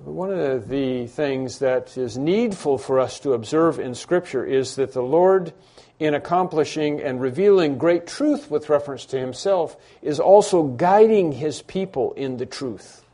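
Male pastor preaching, mellow voice a bit high, gets dramatic when he acts out quotes. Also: expressive, unhurried. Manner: dramatic, acts out quoted pleas with rising intensity. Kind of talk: sermon.

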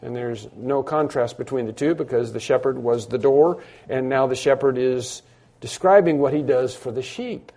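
Mellow-voiced man preaching a sermon. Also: medium pitch, moderate pace. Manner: emphatic preaching with repeated phrases and restarts. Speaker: pastor.

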